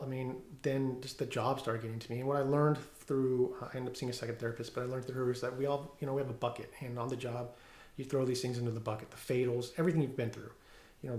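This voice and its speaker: A middle-aged police officer giving a personal testimony at home, talking haltingly with many fillers and restarts. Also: male voice, medium pitch, darkish tone, reverberant. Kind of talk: personal testimony, reading from notes. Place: room at home.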